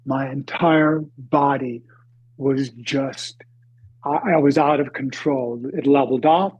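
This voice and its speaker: A man in his seventies, a podcast guest, telling a story in a halting, dramatic way that swings between loud and hushed. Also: medium pitch, husky, no echo. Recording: dry, slightly dull lo-fi recording.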